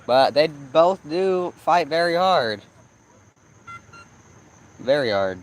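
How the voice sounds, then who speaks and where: A man's voice: fairly high pitch, expressive, slow pace, rough recording. A man chatting casually on a live night fishing stream outdoors by a pond, telling fishing stories and asking viewers to choose the bait. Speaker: fishing channel co-host.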